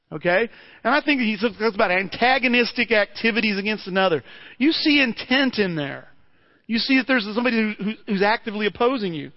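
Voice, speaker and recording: A man's voice: sits high, expressive, a little fast, muffled recording. A man preaching a sermon in a conversational way, asking his listeners rhetorical questions and often repeating words as he restarts.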